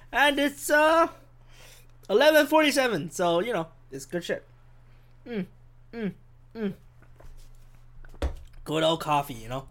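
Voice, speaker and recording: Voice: mid-range voice, fairly bright tone. A podcast host, ranting alone in a rambling, profane, self-mocking way, with the microphone held a bit too far from the face. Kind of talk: solo podcast rant. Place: home in Vancouver. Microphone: handheld microphone held too far from the face.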